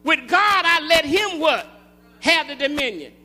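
A man preaching a call-and-response sermon to his congregation, building into shouted, rhythmic cadences. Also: very high voice, animated, a little slow. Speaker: pastor. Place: large church sanctuary. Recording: long hall reverb.

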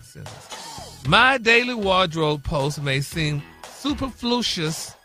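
A high-pitched, bright-sounding man, joking through a radio segment. His pitch leaps all over as he stumbles over a word, and light music plays underneath. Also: big pitch swings, moderate pace. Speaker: radio show regular doing a word segment. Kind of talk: comedic radio banter.

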